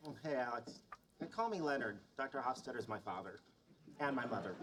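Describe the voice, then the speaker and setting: A man's voice: mid-range voice, animated, fairly quick, natural voice. An actor playing an insecure young male physicist who talks in an anxious, self-deprecating way. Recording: distant with background noise.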